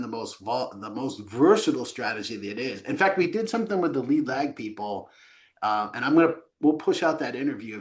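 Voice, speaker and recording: Animated storytelling male trading podcast host. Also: medium pitch. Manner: animated storyteller, lively asides. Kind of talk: casual podcast chat.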